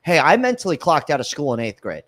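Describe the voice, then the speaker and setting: A man hosting a casual livestream podcast, reading viewer comments and ranting in a loud, profane, mock-angry way. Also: fairly high pitch, huge pitch swings, fast. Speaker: podcast host.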